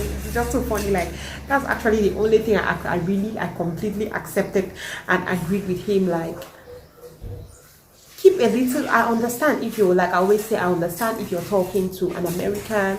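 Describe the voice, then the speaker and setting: A woman giving her opinions in a casual reaction vlog, animated and emphatic. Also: medium pitch, fairly quick, background noise. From Cameroon. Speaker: vlogger reacting to a video. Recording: echoey room.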